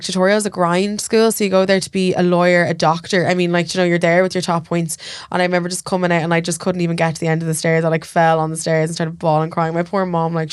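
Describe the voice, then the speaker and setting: A woman's voice: fairly low pitch, clean tone, no room sound, studio quality. An Irish woman telling a personal story as a podcast guest, chatty and full of "like". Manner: rapid, chatty, peppered with "like". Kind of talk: casual storytelling interview.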